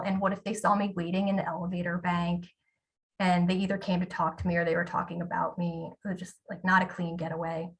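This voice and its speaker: A woman's voice: on the low side, distant mic. A woman in her forties giving a candid, self-deprecating storytelling talk as a keynote speaker, with the odd filler um.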